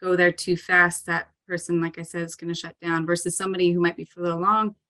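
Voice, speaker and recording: A woman's voice: fairly low pitch, flat delivery, quick pace, sharp tone. A woman talking as a parkour coach in a casual interview, earnest and chatty, with frequent "um" and "like" fillers and light laughs.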